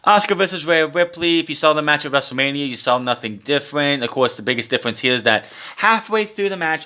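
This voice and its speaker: A man's voice: a little high, expressive, fast talker, few pauses, pushed and bright. A man recapping a wrestling show on his own, blunt and sarcastic, swearing freely as he goes through the matches. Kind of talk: casual solo show recap.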